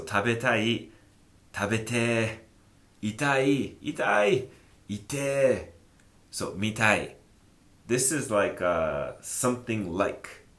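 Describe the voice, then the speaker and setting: A man teaching a language lesson in a relaxed, chatty way, thinking aloud with plenty of fillers. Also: fairly low pitch, echoey room. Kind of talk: casual explanatory lesson.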